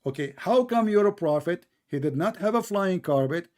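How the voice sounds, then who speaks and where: Brief: male debate host, sarcastic and combative, higher voice. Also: expressive, normal speed, darkish tone. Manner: sarcastic, combative, non-native English. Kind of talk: mocking religious debate.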